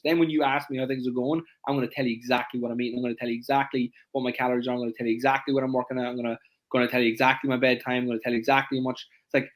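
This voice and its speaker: A man, a fitness coach hosting a casual podcast, talking emphatically and leaning on "it's like" again and again. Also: little pitch movement. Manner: rapid, emphatic, repeats "it's like" constantly; acts out clients in high voices.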